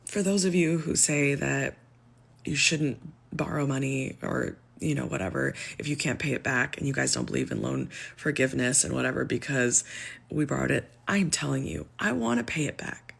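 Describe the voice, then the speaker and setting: A woman's voice: rumbling low, fairly even intonation, normal speed, creaky, breathy edge. A young woman in her twenties, talking candidly to camera and venting, exasperated and emphatic, close to tears. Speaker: civil servant venting about debt.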